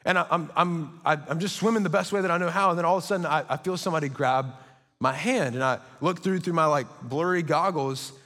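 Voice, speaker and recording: A young adult man preaching a sermon as pastor, telling stories in a lively way with quick asides. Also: fairly high pitch. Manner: energetic storytelling with quick asides. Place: church auditorium. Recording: reverberant church auditorium.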